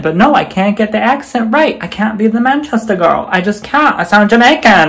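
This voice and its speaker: Chatty male vlogger, quiet asides. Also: sits high, expressive, brisk, hardly any pauses. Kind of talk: casual get-ready-with-me vlog.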